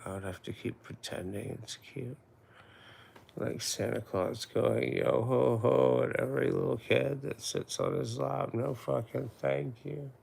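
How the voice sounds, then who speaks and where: A man's voice: lowish voice, gravelly, darkish tone, a little hiss or hum. A man streaming late at night from home, rambling in casual chat and murmuring and half-whispering to his pets. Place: home at night, woods outside.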